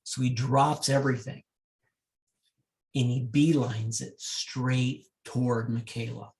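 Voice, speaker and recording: Gravelly slow-talking male wedding DJ. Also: mid-range voice. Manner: animated storyteller, direct address. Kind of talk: storytelling presentation to couples.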